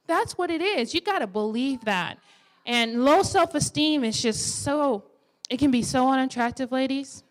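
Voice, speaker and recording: A young woman in her twenties delivers a church sermon with a fairly high voice. She exhorts her listeners in a lively way and drops playful asides between her points. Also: moderate pace. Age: 20s. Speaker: women's ministry speaker.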